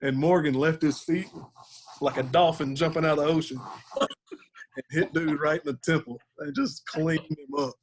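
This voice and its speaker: A man's voice: on the high side, moderate pace, slightly rough. Laid-back man telling a story. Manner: laid-back, laughs while telling stories. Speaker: podcast guest, former catcher. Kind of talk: casual storytelling.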